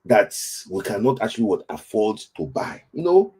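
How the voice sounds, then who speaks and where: A man's voice: on the low side, sing-song, normal speed, a little mellow, breathy edge. A Nigerian man hosting a football talk stream, speaking in a lamenting way and repeating his phrases over and over. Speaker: football talk show host. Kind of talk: casual live-stream commentary.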